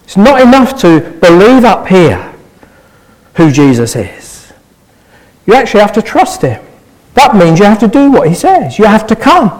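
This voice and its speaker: A man's voice: high-pitched, sing-song, a little slow, long pauses, a little mellow, poor audio. A man preaching a sermon, earnest and pressing his listeners with eager rhetorical questions.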